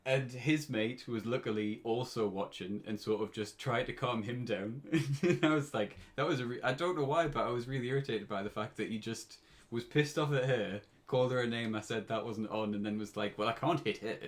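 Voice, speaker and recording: A British man in his twenties, co-hosting a casual podcast, tells a story and often breaks into laughter. He speaks with a British English accent in a mid-range voice at normal speed.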